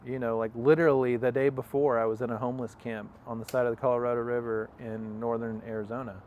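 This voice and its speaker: A young man tells his story in a relaxed, rambling way, full of fillers and quoted dialogue. His voice sits at a middle pitch. The recording was made outdoors and has a faint hum of background noise. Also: fast, narrow, tinny audio. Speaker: interview guest. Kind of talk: casual storytelling. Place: outdoors on a farm.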